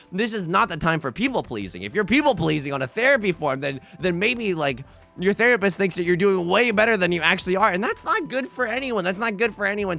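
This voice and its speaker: Young man, game commentary, lively swooping pitch, faint music behind. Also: creaky. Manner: rambling, self-interrupting, frequent restarts. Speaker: let's play host.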